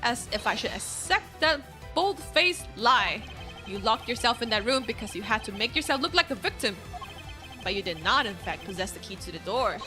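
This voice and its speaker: A woman voicing a cool, logical male investigator who confronts suspects in a measured, cutting way for a video game. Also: a little high, sing-song, pushed and bright, soft background music. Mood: accusing.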